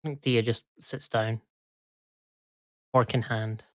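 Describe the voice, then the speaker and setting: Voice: medium pitch, steady tone, takes it slowly, dry recording. Overtired player in a very dry room. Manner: chatty, laughs between lines. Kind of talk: playing a character in a tabletop game.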